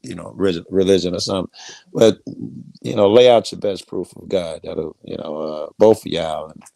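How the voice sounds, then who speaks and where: A man's voice: low-pitched, normal speed, creaky, dry recording. A man from Chicago telling stories in a casual, profane panel chat. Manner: profane, animated storytelling.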